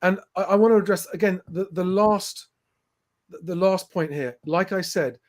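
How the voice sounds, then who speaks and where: A man's voice: high voice, moderate pace. A man hosting a casual live stream, rebutting viewer comments point by point in an emphatic way. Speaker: host.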